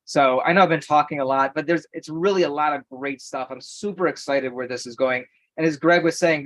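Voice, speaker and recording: A man's voice: medium pitch, fairly bright tone, no echo, low-quality recording. Man, podcast guest, earnest, talkative, dry close recording. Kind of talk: casual podcast conversation.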